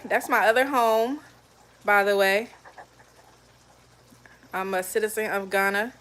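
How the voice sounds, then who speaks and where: A woman's voice: medium pitch, normal speed, long pauses, a bit bright. Chatty woman cooking live for viewers. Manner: chatty, talks straight to viewers, reads out comments. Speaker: cooking livestream host. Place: home kitchen.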